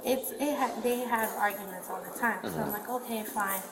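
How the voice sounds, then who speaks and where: A woman's voice: on the high side, a little fast, creaky, roomy sound, over a noisy crowd, rough recording. A woman working an apartment front desk, telling police in a rambling, shaken way what happened and acting out what others said. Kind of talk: recounting events to police. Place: apartment building lobby. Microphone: police bodycam.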